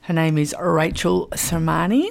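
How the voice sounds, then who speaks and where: A woman's voice: low-pitched, measured pace, vocal fry. A woman co-hosting a radio music show, chatting casually and teasing with frequent giggles. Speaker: radio co-host.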